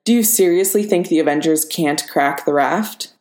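A woman's voice: deep voice, normal speed, darkish tone, lightly acted. A woman voicing a dry, blunt teenage girl. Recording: echoey room.

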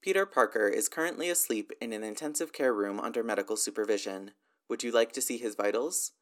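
A man voicing a calm house AI. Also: fairly low pitch, brisk, close to an everyday voice. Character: calm artificial intelligence house assistant.

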